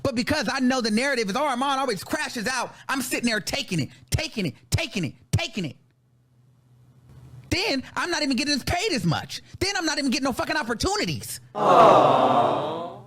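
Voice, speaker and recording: A man's voice: very high-pitched, sing-song, fast talker, pushed and bright. A man in an angry, profane rant, repeating how furious he is. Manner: furious, repetitive, swearing. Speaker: show host venting about former show.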